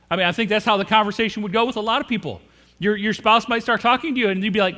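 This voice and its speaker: A man's voice: high voice, very fast, bright, forceful tone, in a large hall. A man preaching a sermon as pastor, telling the story with humor and asking the congregation questions. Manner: humorous storytelling, acts out quoted characters. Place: church sanctuary.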